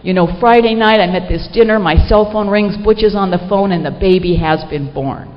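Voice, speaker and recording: A middle-aged woman sharing a personal story with an audience at a recovery meeting, in an animated, self-mocking way with lots of fillers. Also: mid-range voice, a little fast. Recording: echoey hall, dull lo-fi sound, faint noise.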